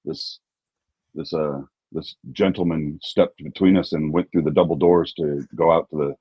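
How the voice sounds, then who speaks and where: Casting: low, breathy man, fan story, dull dry lo-fi sound. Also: fairly even intonation, mellow, no echo. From California. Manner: halting storyteller, repeats words. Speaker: guest fan. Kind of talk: casual chat.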